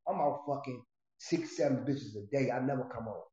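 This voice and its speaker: A man's voice: mid-range voice, moderate pace, warm tone. A middle-aged man casually telling a story from his past, streetwise and profane, rambling with restarts. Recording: roomy, slightly dull recording.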